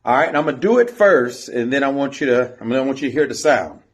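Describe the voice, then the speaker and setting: Demonstrating moves for a step team, a man counts off and chants the beat in a video that teaches drills. He has a mid-range voice and talks fast and animatedly.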